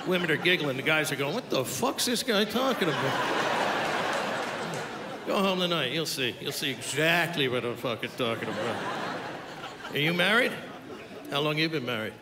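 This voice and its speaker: Crude older stand-up man, loud crowd. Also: a little high, fairly quick. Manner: crude, brash, bantering with the audience. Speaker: stand-up comedian. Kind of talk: stand-up comedy with crowd work. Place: live comedy club stage. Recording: live club recording, roomy with loud crowd noise.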